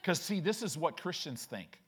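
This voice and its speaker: A man's voice: on the high side, sing-song, normal speed, slightly rough. A man preaching a conversational sermon as pastor, often asking "right?", acting out quoted voices and reading scripture aloud. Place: church sanctuary.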